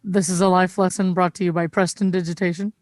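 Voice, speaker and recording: A woman narrating a tabletop game as game master, relaxed and hesitant, with many pauses. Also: fairly low pitch, dry recording.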